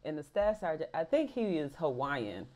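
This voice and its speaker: A woman hosts a relaxed interview, talking in a loose, slangy way. Her voice sits low for a woman. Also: normal speed. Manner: casual, slangy, reactive. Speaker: host. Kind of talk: casual interview chat.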